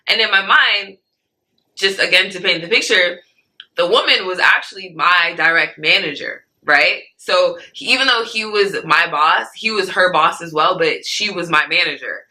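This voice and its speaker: A young woman with a very bright, sharp voice tells a story as an interview guest. She is animated, acts out what other people said, and keeps checking in with "right?" and "like". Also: mid-range voice, moderate pace, poor audio. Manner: animated, acts out quoted speech, many "like" and "right?" fillers. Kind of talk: casual storytelling.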